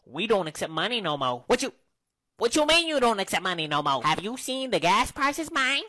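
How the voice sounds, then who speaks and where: A woman's voice: mid-range voice, very animated, a little fast, bright, forceful tone, dry recording, clean studio sound. A woman acting out comedy sketches in a slangy, brash and playfully bossy way. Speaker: sketch comedian playing several parts.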